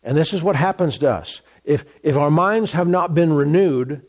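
Emphatic higher-voiced male preacher. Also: expressive, normal speed. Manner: emphatic, repeats phrases, frequent restarts. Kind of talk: sermon.

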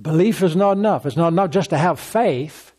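A man with a high, bright-edged voice preaching with emphatic, repeating phrases. He drives home his point again and again, slipping into quoted lines along the way. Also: lively intonation, a little fast. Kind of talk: sermon.

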